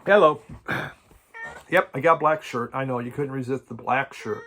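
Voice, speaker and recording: A man chatting casually about his record collection at home, halting and restarting often and chuckling now and then. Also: mid-range voice, sharp tone, a little hiss or hum. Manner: halting, many restarts and repeated words. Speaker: vinyl record collecting vlogger. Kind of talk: casual rambling chat.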